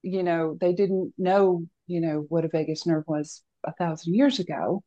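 A woman's voice: fairly low pitch, fairly even intonation, moderate pace, mellow, dull audio. A woman counselor speaking as a podcast guest, explaining in an earnest, teacherly way and often asking rhetorical questions.

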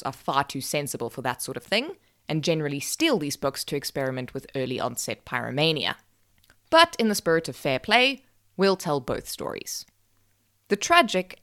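A woman narrating a folk tale for a podcast with wry, deadpan asides. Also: low-pitched. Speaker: podcast storyteller. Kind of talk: scripted narration.

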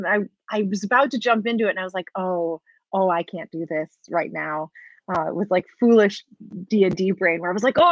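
A woman game master chatting as a podcast guest, animated and laughing often. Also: mid-range voice, no room sound, muffled recording. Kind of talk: casual interview talk.

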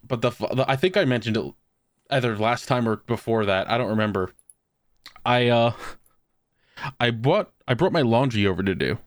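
A man's voice: medium pitch, moderate pace, pauses often, no room sound, studio quality. A young man chatting casually, telling rambling, profane stories with bursts of laughter. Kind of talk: casual chat.

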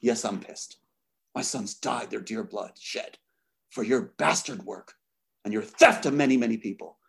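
A man's voice: lowish voice, normal speed, vocal fry, breathy edge. A man speaking as an interview guest, angry and emphatic as he makes accusations. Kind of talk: impassioned interview talk.

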